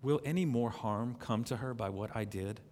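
A man voicing a humbled, respectful young noblewoman, lifting his voice and speaking softly. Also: mid-range voice, normal speed, pitched above the performer's own voice, natural voice. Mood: humble. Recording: long reverb in a large hall.

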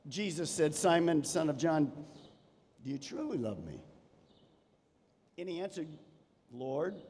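Male pastor, mid-high voice, preaching with animated swells and quiet drops; reverberant sanctuary sound. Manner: animated preaching, dropping to soft emphasis. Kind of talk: sermon. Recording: long reverb of a church hall.

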